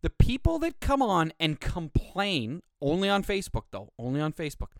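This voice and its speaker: A man's voice: fairly high pitch, very animated, moderate pace, no echo, clean studio sound. A man from Canada, hosting a podcast and telling stories in a blunt, heavily swearing, casual way. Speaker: podcast host. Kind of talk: casual profane storytelling.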